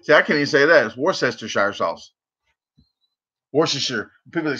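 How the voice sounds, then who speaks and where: Man, livestream host, bright forceful voice, jokey rambling chat, muffled lo-fi audio. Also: mid-range voice, expressive, fairly quick, pauses often, husky. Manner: joking, rambling, repeats words for laughs.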